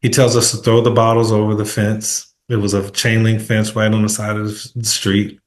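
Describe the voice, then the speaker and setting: A man hosting a casual interview podcast, telling a story in an animated way and acting out the quotes. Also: lowish voice, moderate pace. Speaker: podcast host. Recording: echoey room.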